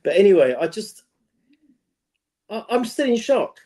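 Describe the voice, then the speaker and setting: A man co-hosting a casual football podcast, talking in an excitable, emphatic way. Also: high voice, measured pace. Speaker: podcast co-host.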